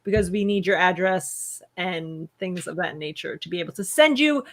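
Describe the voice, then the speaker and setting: A woman co-hosts a relaxed live stream. She teases her partner and tosses in fast, giggly asides. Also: on the low side. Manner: teasing, giggly, quick asides. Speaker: podcast co-host. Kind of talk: casual live-stream chat.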